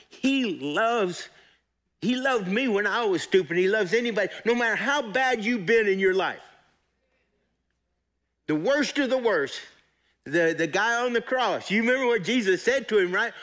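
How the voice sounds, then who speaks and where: High-voiced man preaching a sermon. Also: a bit bright. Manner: conversational preaching with asides to the congregation. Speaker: pastor. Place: church service with congregation responding.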